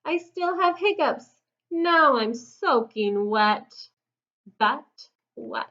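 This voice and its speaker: A woman's voice: high voice, animated, extremely slow, bright, forceful tone, dull audio, full character voice. A woman voicing a fussy father bear who hiccups through his rhyming lines, for a storybook read-aloud. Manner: hiccups in sing-song rhyme.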